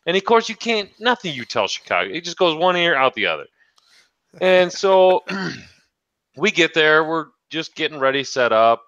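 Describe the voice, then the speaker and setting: A man's voice: on the high side, normal speed, no echo, lo-fi sound. A man hosting a casual podcast, telling a story with lots of swearing and laughing. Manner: profane, animated storyteller, laughs often. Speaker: podcast host.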